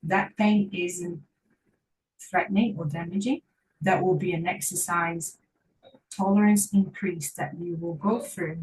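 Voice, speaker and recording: A woman's voice: lowish voice, steady tone, a little slow, darkish tone, far from the mic, a little hiss or hum, poor audio. A woman physiotherapist giving an online workshop talk, speaking earnestly and encouragingly and repeating phrases for emphasis.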